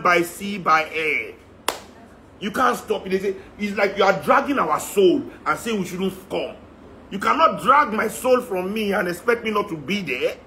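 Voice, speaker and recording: A man's voice: high-pitched, a bit bright, a little hiss or hum. A man with a Nigerian accent giving an impassioned rant, firing off rhetorical questions. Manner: heated, rhetorical, repeating questions. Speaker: speaker in a talk.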